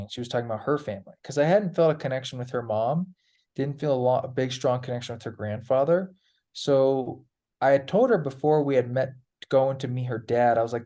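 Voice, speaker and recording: A man's voice: medium pitch, fast talker, mellow. Man telling a rambling, swear-laced story. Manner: loose and rambling, with fillers and swearing. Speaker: guest. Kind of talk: casual storytelling conversation. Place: Peru.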